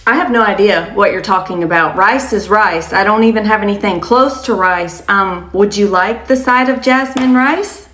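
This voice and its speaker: A woman telling comic restaurant stories as a server, sarcastic and deadpan. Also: mid-range voice, moderate pace, few pauses. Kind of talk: comedic storytelling. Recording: roomy echo with music.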